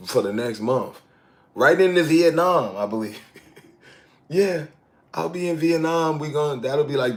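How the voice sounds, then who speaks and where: A man in his sixties casually chatting on a live stream, reading viewer comments aloud and laughing often. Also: mid-range voice. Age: 60s. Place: outdoors in hot weather in Thailand.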